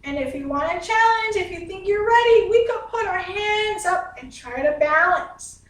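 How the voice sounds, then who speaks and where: A woman's voice: very high-pitched, animated, moderate pace. A woman teaching a dance and yoga class to young children, patient and sing-song, explaining each step simply. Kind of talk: slow, gentle instruction for young children. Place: home room, livestreamed class. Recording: echoey room.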